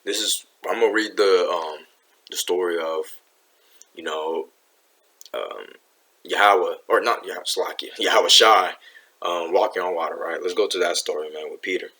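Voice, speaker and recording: A man with a fairly low voice giving a laid-back Bible lesson. He talks in easy slang and keeps checking in with "right?". When he reads scripture he sinks lower and slower. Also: fairly even intonation, sharp tone. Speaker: Bible teacher. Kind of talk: casual Bible teaching.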